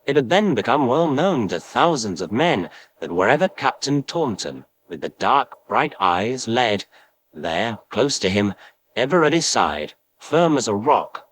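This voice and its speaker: A man narrating a classic story as an audiobook, in a measured, dramatic way, doing an impression of a famous film actor. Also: mid-range voice, big pitch swings, a bit bright, low-quality recording.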